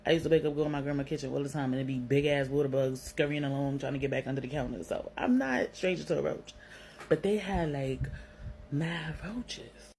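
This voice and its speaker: A woman's voice: low-pitched, a little fast, a little mellow, slight background noise, rough recording. A young woman from Brooklyn with a New York accent, telling a personal story in a candid, slangy way, swearing freely and filling her talk with "like.". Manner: blunt, slangy, swears freely, lots of "like" fillers.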